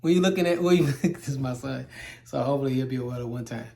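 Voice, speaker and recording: A man's voice: mid-range voice, fast, vocal fry, warm tone. Rambling man explaining welding terms. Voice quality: loose, rambling, repeats himself, playful exaggerated asides. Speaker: welding instructor. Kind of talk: casual explainer video.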